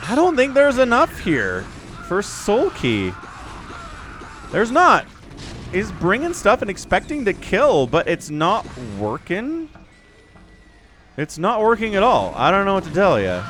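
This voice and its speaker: A man's voice: sits high, wildly swooping pitch, measured pace, long pauses, a bit bright, slight background noise. A man casting a strategy video game alone, play-by-play commentary full of joking asides. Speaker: esports shoutcaster. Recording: faint background music.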